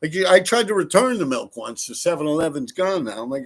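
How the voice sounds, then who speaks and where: New streamer, male, higher-pitched, loose profane chat with viewers. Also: very animated, fairly quick, slightly rough. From New York. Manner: rambling, profane, laid-back. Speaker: streamer reading viewer comments. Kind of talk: casual live-stream chat.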